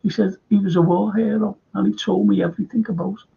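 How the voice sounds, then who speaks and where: Gravelly Liverpool man chatting on a stream. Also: sits high, steady tone, fast talker, mellow. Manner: rambling anecdotes with repeated restarts. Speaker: host of a live fan stream. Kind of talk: casual chat reading viewer comments. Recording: dull lo-fi stream audio.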